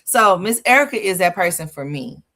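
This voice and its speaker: A woman hosting a livestream, coaching listeners in a lively, sassy way with frequent laughs. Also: on the low side, normal speed. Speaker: host. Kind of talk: casual livestream coaching talk.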